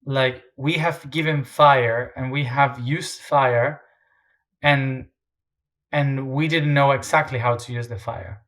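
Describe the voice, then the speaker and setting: A man's voice: mid-range voice, steady tone, takes it slowly, fairly bright tone. Hesitant man musing as a guest. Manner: hesitant, many fillers and restarts. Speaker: interview guest. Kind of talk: reflective interview talk.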